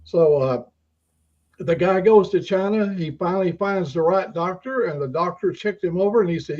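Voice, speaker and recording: An older man spins folksy jokes and stories in easy chat. His voice sits high. It comes through dull, lo-fi call audio. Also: normal speed, darkish tone. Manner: storytelling, folksy. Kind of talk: casual joke-telling chat.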